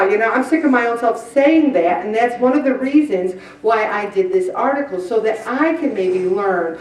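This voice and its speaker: A woman leads a weight-loss group, chatty and animated, slipping into little voices now and then. Her voice sits a little high. She is heard from some way off the mic in a roomy, echoing meeting room. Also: moderate pace, hardly any pauses. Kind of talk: group presentation. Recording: roomy echo from far off the mic.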